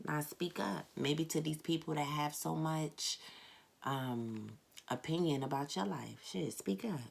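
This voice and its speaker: A woman's voice: deep voice, measured pace, vocal fry. A woman giving a casual tarot reading, speaking bluntly and candidly, swearing and calling her viewers "baby" and "cat". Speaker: tarot reader.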